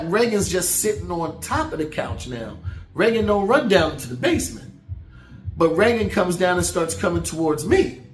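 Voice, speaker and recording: A man giving a motivational talk as a folksy, down-home storyteller who turns preachy. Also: high-pitched. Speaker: motivational speaker. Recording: roomy echo with faint background music.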